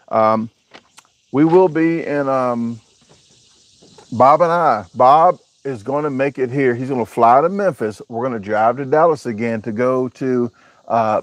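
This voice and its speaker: A man with a mid-range voice hosts a casual live chat from home, showing his backyard on camera while reading viewer comments. He jokes and rambles with a southern-US way of talking. The recording has no room sound and the highs are cut off.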